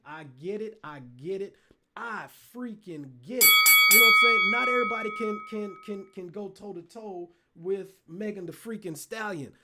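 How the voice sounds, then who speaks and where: High-voiced man telling animated comic stories. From Decatur. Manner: animated storyteller, playful exaggeration; repeats words while building up. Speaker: podcast host. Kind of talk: comedic commentary.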